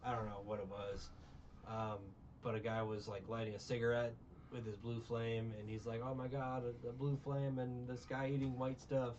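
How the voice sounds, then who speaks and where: A man's voice: mid-range voice, level tone, normal speed, a little mellow, recorded from a distance, muffled recording, a little hiss or hum. A man recapping a film in casual chat, rambling and sarcastic, with many restarts. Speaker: podcast co-host recapping a film.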